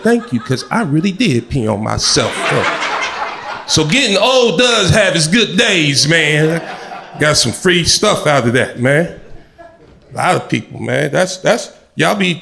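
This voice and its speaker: Man, middle-aged, stand-up comic, animated storytelling, somewhat high voice, bright tone. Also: vocal fry. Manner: animated storyteller who shouts and acts out voices. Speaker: stand-up comedian. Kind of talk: live stand-up comedy.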